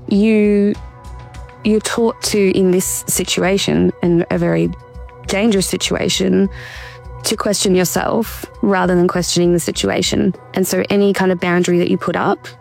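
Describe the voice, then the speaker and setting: Woman, interview guest, gravelly fry, reflective, measured. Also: mid-range voice, steady tone, darkish tone, soft background music. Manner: measured, reflective, occasional restarts. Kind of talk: earnest personal account in conversation.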